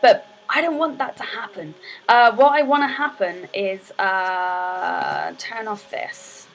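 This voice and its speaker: A woman's voice: mid-range voice, very animated, slow pace, slight background noise, rough recording. A young woman casually streaming her game development work, chatting in a rambling way full of fillers and restarts. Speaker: game dev student streamer. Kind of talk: casual live stream chat.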